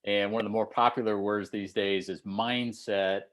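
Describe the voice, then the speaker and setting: A man with a lowish voice co-hosts a podcast in an easy, conversational way. He mostly backs up his partner with short replies and steps in now and then to sum things up. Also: fairly even intonation, moderate pace, fairly bright tone. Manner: brief, supportive back-channel replies. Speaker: podcast co-host. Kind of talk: casual conversation.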